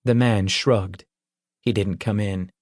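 A man narrating an audiobook in measured, even storytelling. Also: fairly low pitch, no echo, studio quality.

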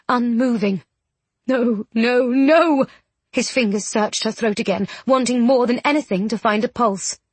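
Breathy woman narrating an audiobook. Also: a little high, no room sound. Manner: dramatic, expressive reading.

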